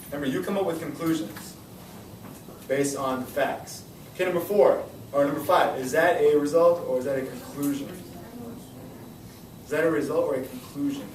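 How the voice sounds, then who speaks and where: Young male teacher, energetic classroom lesson, recorded far off in a noisy, roomy classroom. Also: a little high, moderate pace, long pauses. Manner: energetic, repeats questions to students. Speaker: high school science teacher.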